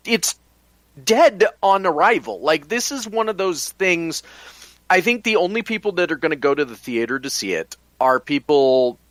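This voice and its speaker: A man co-hosting a casual podcast, explaining his points in a measured way. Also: a little high, fairly bright tone, dry recording. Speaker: podcast co-host.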